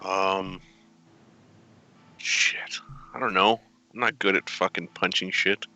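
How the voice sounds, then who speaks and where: A man's voice: low voice, fairly even intonation, slow, sharp tone. A man playing in a tabletop game, talking hesitantly and casually. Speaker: player.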